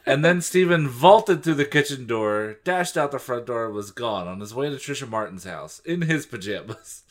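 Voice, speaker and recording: A man's voice: medium pitch, expressive, normal speed. A man co-hosting a comedy podcast, reading a cheesy story aloud and joking about it. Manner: joking, breaks into laughter while reading.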